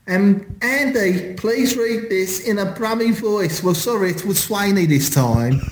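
A man's voice: sits high, reverberant, rough recording. A man co-hosting a podcast, reading listener reviews with dry wit. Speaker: podcast co-host. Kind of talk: casual podcast chat, reading reviews aloud.

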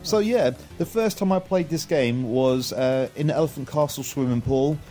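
A man's voice: a little high, normal speed, dark tone, faint music behind. A man co-hosting a casual podcast about retro games, upbeat and steering the talk. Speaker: podcast co-host. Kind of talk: casual retro gaming chat.

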